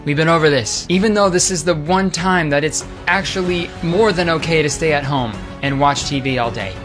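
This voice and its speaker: A man's voice: a little high, normal speed, music in the background. A young man hosting comedic internet commentary, sarcastic and crude with lots of jokes.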